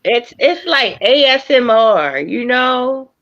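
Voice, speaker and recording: A woman hosting a casual live chat on an online call, laughing often and gushing over guests. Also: a little high. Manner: slow, laughing, animated. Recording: dull lo-fi online call audio.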